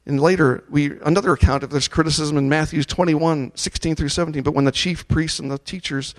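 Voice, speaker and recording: A man preaching with a somewhat high voice that climbs to loud, ringing peaks on scripture. He reads verses aloud and leads the congregation in call-and-response chants. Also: steady tone, fairly quick. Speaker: pastor. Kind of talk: sermon.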